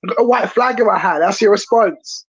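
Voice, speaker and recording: A woman hosts a casual stream chat, blunt and incredulous, swearing freely as she reacts. Her voice sits at a middling pitch. The audio is dull and lo-fi. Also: fairly quick, husky, no room sound. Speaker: stream host.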